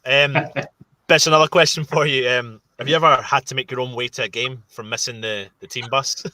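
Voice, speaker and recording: A man hosting an interview, asking halting questions with some hesitation. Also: medium pitch, steady tone, sharp tone, no echo. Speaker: host. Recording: distant dry mic.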